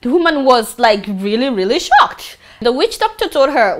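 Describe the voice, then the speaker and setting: A high-pitched woman hosts a comedic monologue. Her voice swings widely in pitch as she tells stories with sass and animation, acting out every quote. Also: normal speed, few pauses. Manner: animated, sassy storytelling with laughs and acted-out quotes. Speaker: host.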